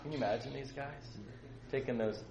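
A middle-aged man teaching from the Bible to a small group, acting out quotes loudly and joking with his listeners. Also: medium pitch, fairly quick, crowd noise. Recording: echoey room with faint ambience.

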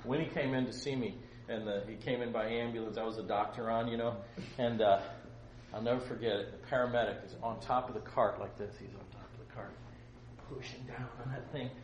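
A middle-aged man teaching from the Bible to a small group, acting out quotes loudly and joking with his listeners. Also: mid-range voice, fairly even intonation, fairly quick, lo-fi sound, a little hiss or hum. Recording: echoey room with faint ambience.

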